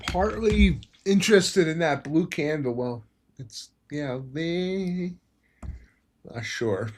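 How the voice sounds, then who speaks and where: A man streaming live trades, talking in low-key, half-mumbled asides about the charts as they move. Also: takes it slowly, a little mellow, slight background noise. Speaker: trading streamer. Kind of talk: live trading commentary.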